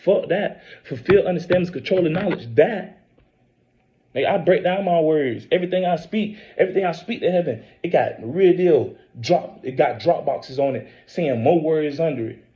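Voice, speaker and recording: Guy preaching and rambling, repeats stuff, cusses, kinda high voice, muffled lo-fi audio. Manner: reads scripture aloud haltingly. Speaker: self-posting religious speaker. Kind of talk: informal religious monologue. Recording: dull lo-fi recording.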